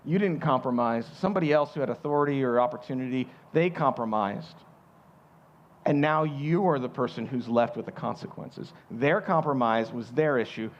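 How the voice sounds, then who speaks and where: A Southern US pastor preaching in a relaxed, conversational way. His pitch sits in the middle range for a man, and he often restarts a phrase by repeating words. The recording sounds a little dull and muffled. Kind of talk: sermon.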